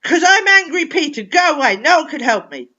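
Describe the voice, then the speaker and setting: A woman voicing an angry, defiant little boy who shouts, in a storybook reading. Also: high-pitched, big pitch swings, fairly quick, voice pushed up, full character voice. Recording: dull lo-fi recording.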